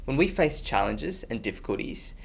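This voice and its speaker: Brief: enthusiastic kids' storyteller, a man with a very lively, bouncing voice. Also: medium pitch, normal speed, creaky, breathy edge. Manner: energetic, talks to the audience. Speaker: children's ministry presenter.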